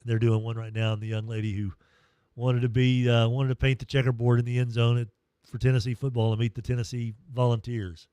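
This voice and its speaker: A man hosting a morning sports radio show, telling stories in a lively, emotional, self-deprecating way into a studio mic. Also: mid-range voice, a little fast, clear, resonant tone, no room sound. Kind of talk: casual morning radio chat.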